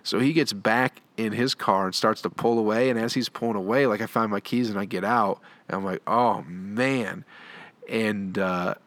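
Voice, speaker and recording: A man's voice: fairly low pitch, steady tone, brisk, hardly any pauses, a bit bright, no room sound. A young adult man on a comedy podcast, telling a long story in a rambling, profane, laid-back way. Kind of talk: storytelling monologue.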